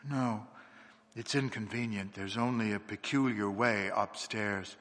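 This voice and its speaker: A man voicing a strange, sickly male housemate who speaks in a hushed, rasping way. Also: on the low side, steady tone, measured pace, voice pushed down. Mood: hushed, uneasy. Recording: long hall reverb.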